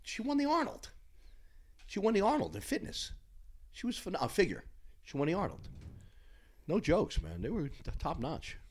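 A man in his fifties, a former bodybuilder and podcast guest, telling loud, profane, animated gym stories. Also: high-pitched, normal speed, pauses often, husky. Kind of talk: casual storytelling chat.

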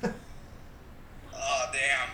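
A man's voice: very slow, crowd noise. A teenage man from Texas calling in over a phone line, crude and mocking, out of breath. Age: teens. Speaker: caller.

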